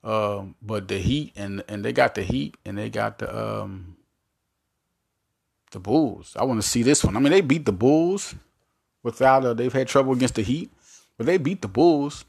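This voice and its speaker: A man hosting a solo sports podcast, talking in a rambling, animated way with many restarts and fillers. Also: mid-range voice, moderate pace, gravelly, breathy edge.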